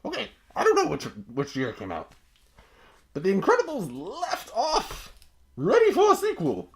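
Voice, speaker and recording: Teasing podcast cohost, swoopy pitch, bit gravelly, laughs a lot. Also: wildly swooping pitch, moderate pace, a little hiss or hum. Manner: playful and teasing, laughs often. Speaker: podcast co-host. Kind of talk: casual chat.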